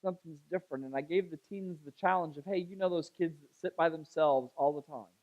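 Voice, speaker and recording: A man pastor telling a story in a sermon, chatty and animated, acting out the voices of the people in it. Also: fairly high pitch, fairly quick, muffled recording. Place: church sanctuary.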